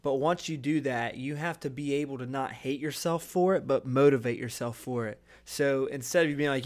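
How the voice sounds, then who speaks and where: Young male podcast host, mid-pitched, earnest and rambling in casual talk. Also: fairly quick, few pauses, darkish tone. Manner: rambling, restarts thoughts, earnest. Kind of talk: casual chat.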